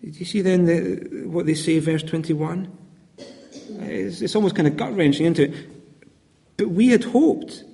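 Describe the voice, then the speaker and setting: A man's voice: a little high, fairly even intonation, moderate pace, gravelly, dark tone. A man preaching a sermon in a conversational, hesitant way, often repeating words and using fillers. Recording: long hall reverb.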